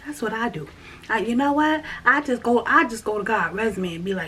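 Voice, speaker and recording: A woman's voice: a little high, brisk. Earnest woman sharing her faith. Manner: earnest, repetitive, drifts into soft whispers. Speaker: vlogger sharing a faith check-in. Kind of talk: casual spoken testimony to camera. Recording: faint background noise.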